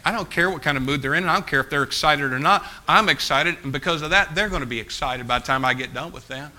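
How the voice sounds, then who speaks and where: A man's voice: fairly high pitch, fast talker, hardly any pauses, bright, forceful tone. A man preaching a sermon as pastor, urging and exhorting his congregation with fervent repetition.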